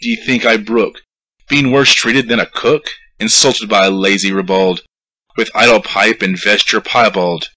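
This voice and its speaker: A man's voice: lowish voice, steady tone, measured pace, pushed and bright, rough recording. A man reading a poem aloud, voicing a greedy, blustering town mayor who raises his voice to wheedle and scold. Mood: indignant. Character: scheming greedy town mayor, male, middle-aged. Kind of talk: poetry recitation.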